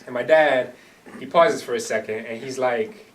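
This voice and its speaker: This is a man of medium pitch speaking at normal speed, with a little hiss or hum on a distant-microphone recording. His hesitant, filler-filled introduction gives way to an earnest first-person dramatic monologue.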